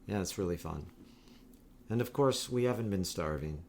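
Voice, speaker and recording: A man's voice: deep voice, expressive, moderate pace, darkish tone, slight background noise. A man co-hosting a food radio show in a casual, playful chat, joking as he talks about cooking. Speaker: co-host.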